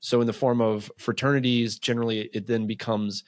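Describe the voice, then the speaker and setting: A man speaking as a coach in a casual interview, talking quickly and loosely with many fillers, acting out what others say. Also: medium pitch, little pitch movement, no echo, studio quality. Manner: fast, loose talk full of fillers, acts out quotes. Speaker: men's coach and podcast guest.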